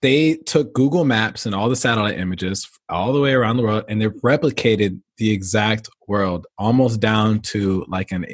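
A man's voice: lowish voice, moderate pace, hardly any pauses, breathy edge. A man co-hosting a podcast, talking in a loose, profane, rambling way about conspiracy theories. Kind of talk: casual chat.

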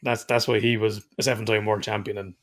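Gravelly Irish man, low voice. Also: level tone, fairly quick, a bit bright. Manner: swears freely, rambling storyteller. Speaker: podcast co-host. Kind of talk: casual chat.

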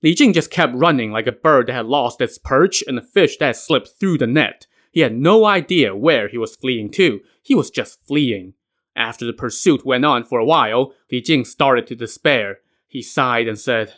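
Man, podcast narrator, casual myth retelling, wry asides, mid pitch. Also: lively intonation, normal speed, a bit bright.

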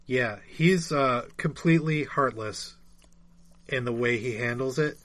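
A man co-hosting a podcast, chatting casually about comics and joking in a relaxed way, with frequent ums. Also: medium pitch, a little slow. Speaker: podcast co-host.

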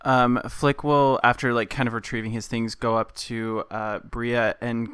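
A man playing a tabletop game, talking in halting bursts with many restarts. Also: medium pitch, level tone, fairly bright tone, clear, resonant tone, no room sound. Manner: halting, lots of likes and restarts. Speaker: player.

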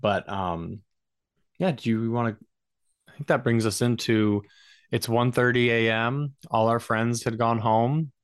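A man's voice: medium pitch, unhurried, clear, resonant tone, no echo, clean studio sound. A man co-hosting a casual podcast, telling a personal story in an earnest, reflective way with some jokes. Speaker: podcast co-host, husband.

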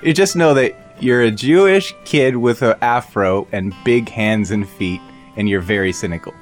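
A man's voice: fairly low pitch, normal speed, faint music behind. A man narrating a tabletop game as game master, laughing and joking crudely.

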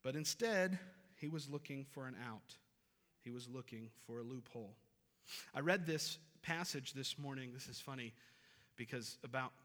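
A man's voice: mid-range voice, a bit bright. A man in his thirties preaching a sermon as pastor in a church, earnest and emphatic, repeating key phrases. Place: church sanctuary. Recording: reverberant hall.

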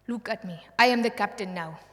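A woman's voice: medium pitch, fairly quick, fairly bright tone, lightly acted. A woman playing a menacing male pirate taking over a ship, her voice ringing in a long reverb. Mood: commanding.

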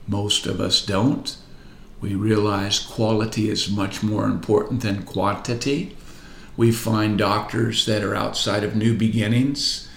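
A man in his sixties giving a motivational speech as a coach. He is emphatic, repeats words for effect and swings between loud and soft. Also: fairly low pitch, slight background noise. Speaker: practice coach. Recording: roomy echo.

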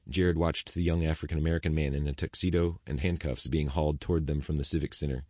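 A man reading an audiobook chapter in steady, measured scripted narration, close to the mic. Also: rumbling low, no echo.

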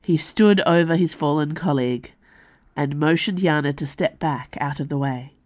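A woman author reading her own fantasy novel aloud as scripted audiobook narration, measured and deliberate. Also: deep voice.

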